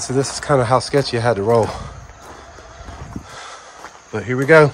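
A man's voice: medium pitch, normal speed, long pauses, slight background noise. A man narrating his truck project in a casual DIY video, with a folksy showman greeting and running commentary on the work. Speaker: truck vlogger.

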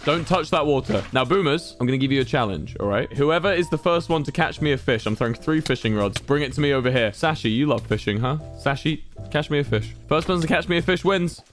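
Lively playful young man hosting a stream. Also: on the high side, quick pace, few pauses, soft background music. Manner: playful mock-commanding, reading viewers' signs aloud. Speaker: streamer hosting a game event. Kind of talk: live-streamed game commentary.

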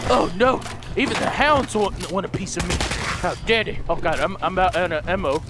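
A young man doing comedic gameplay commentary, shouting mock-heroic boasts with goofy bravado. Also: sits high, moderate pace. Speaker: gaming YouTuber.

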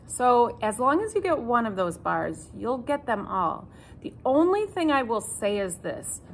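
A woman's voice: fairly high pitch, big pitch swings, measured pace, slight background noise. A woman teaching a cello lesson, counting in and calling out notes, patient and self-joking. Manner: patient, repeats instructions, jokes about herself. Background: cello playing along.

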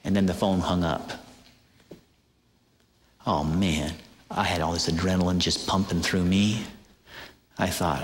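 A male preacher tells a dramatic story in a mid-pitched voice, animated and full of small hesitations. He is recorded in a large hall with strong echo and a long reverb tail. Faint noise sits behind him. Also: unhurried, long pauses. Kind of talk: sermon.

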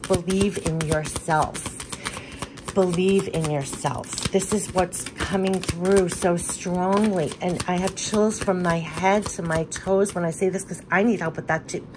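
A woman's voice: fairly low pitch, slight background noise. A woman giving a spiritual card reading, speaking in an effusive, emphatic way and repeating affirmations again and again. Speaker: tarot card reader.

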